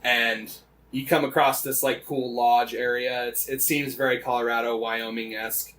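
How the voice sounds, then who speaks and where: A man's voice: mid-range voice, little pitch movement, normal speed, fairly bright tone. A man co-hosting a casual podcast, animatedly retelling events with lots of swearing and "like" fillers. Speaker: podcast co-host.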